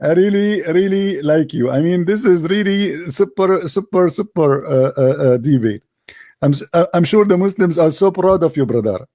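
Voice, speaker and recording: A man's voice: on the high side, lively intonation, normal speed, warm tone, dry recording, clean studio sound. A man giving a casual reaction commentary on a debate clip, mocking and combative, laughing often, speaking English that is not his first language. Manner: non-native English grammar.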